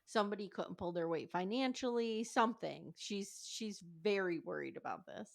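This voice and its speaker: A woman's voice: mid-range voice, lively intonation, moderate pace, creaky. Podcast guest, woman, casual chat; thoughtful, agreeable, wry.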